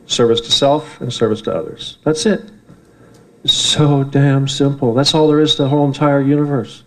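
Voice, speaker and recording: A man's voice: medium pitch, fairly even intonation, moderate pace, poor audio. A man giving a rambling, heated talk to a live audience in an event room, often swearing and bantering with the crowd.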